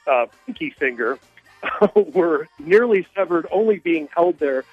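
A man's voice: a little high, animated, measured pace, husky, no room sound, faint music behind. A male caller telling a long story on a radio call-in show, rambling and hesitant with many fillers. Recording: dull, dry phone line.

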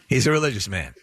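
A man co-hosting a radio talk show, trading crude, jokey banter and laughing often. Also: lowish voice. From Irish background. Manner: bawdy, jokey, laughs a lot.

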